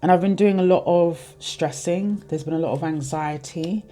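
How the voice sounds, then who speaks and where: A reader in their thirties talks through tarot cards in a loose, heartfelt way, often drifting off topic. The voice is soft and mellow, never bright. Their pitch sits in an ordinary middle range. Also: normal speed. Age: 30s. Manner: rambling, heartfelt, speaks straight to viewers. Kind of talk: casual tarot reading for viewers.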